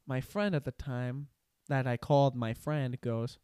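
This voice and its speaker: A young man in casual chat, telling stories and ranting in quick animated bursts. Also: medium pitch, clear, resonant tone, no room sound, studio quality.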